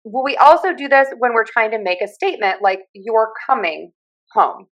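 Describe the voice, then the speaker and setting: A woman from Pittsburgh with a Pittsburgh accent, a speech pathologist and communication coach explaining accent features in a clear, friendly teaching manner. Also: fairly high pitch, lively intonation, quick pace, dull audio. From Pittsburgh, USA. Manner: clear, friendly teacher who demonstrates sounds.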